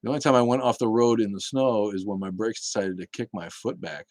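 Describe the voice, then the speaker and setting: A man's voice: on the low side, fairly quick, a little mellow, no echo. A man hosting a casual livestream, chatting bluntly with viewers, swearing and laughing often. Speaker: livestream host reading chat.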